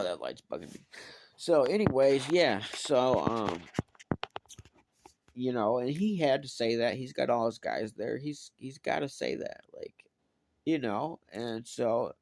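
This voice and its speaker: Man vlogger, gravelly and lively, cursing storyteller, dry close sound. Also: mid-range voice, no echo. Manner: profane, animated, lots of fillers. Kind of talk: casual storytelling.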